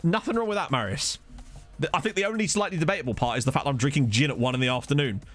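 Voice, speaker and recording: A man's voice: fairly high pitch, rapid-fire, soft background music. A man chatting casually on a live stream as he plays a football management game, rambling and answering viewers. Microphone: desktop USB microphone.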